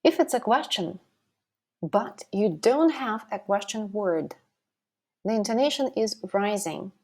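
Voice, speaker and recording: A woman teaching a language lesson, slowly modeling example sentences and questions. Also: medium pitch, expressive, a little mellow. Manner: slow, deliberate modeling of example phrases.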